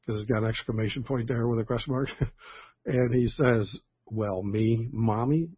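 A man's voice: mid-range voice, moderate pace, breathy edge, no room sound. An older man, a pastor leading an online prayer call, chatting and reading praise reports in a rambling way with many fillers. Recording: tinny phone-line audio, dry.

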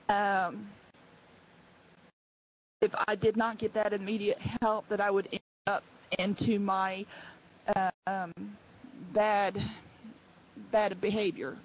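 A woman giving a personal testimony to her church, speaking earnestly and haltingly, with many restarts. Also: mid-range voice, highs cut off, slight background noise.

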